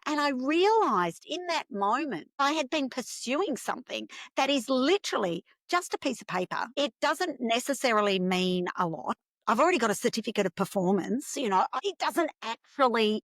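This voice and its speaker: Animated woman telling a story. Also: a little high, normal speed, no room sound. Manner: animated, acts out dialogue in quoted voices. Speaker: podcast guest. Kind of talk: emotional personal storytelling.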